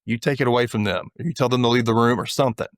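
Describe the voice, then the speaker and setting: Male podcast host, middle pitch, lively recap chat, dry close-mic sound. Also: rapid-fire, no room sound. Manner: animated retelling, acts out characters' lines.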